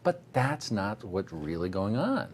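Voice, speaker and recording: A middle-aged man teaching a technical course live, animated and joking, sometimes acting out little voices. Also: fairly low pitch, a little slow. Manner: animated, jokey, acts out voices. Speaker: instructor. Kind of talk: live technical demo with banter.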